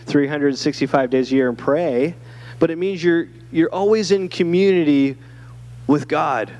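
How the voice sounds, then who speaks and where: A man preaching from the pulpit as a church pastor, his voice sitting a little high for a man. He keeps the sermon conversational, tossing rhetorical questions to the congregation as he goes. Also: a little mellow. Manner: conversational preaching with many rhetorical "right?" checks.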